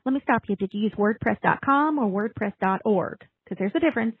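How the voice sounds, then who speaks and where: A woman co-hosts a casual podcast in a husky voice, emphatic and talkative. Her sound is thin and phone-like, with no room around it. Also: mid-range voice, brisk, no room sound. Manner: chatty, emphatic. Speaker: podcast co-host. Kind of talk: casual chat.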